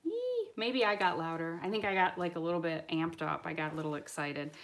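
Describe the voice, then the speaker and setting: A woman hosting a live-stream toy unboxing. She chats excitably and answers viewer comments as she opens toys. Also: deep voice, fast. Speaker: toy channel host. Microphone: camera mic on live stream.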